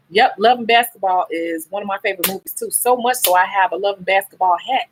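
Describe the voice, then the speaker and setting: A woman's voice: medium pitch, quick pace, few pauses, poor audio. A tired, sleep-deprived woman who works as a nail technician talks bluntly and emotionally to her viewers in a candid livestream chat. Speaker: nail technician and beauty YouTuber.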